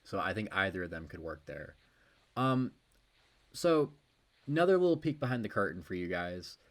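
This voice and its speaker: A man's voice: low-pitched, big pitch swings, normal speed. A man co-hosting a sports podcast, chatting casually with a dry, wry humor and loose, rambling phrasing. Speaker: podcast co-host.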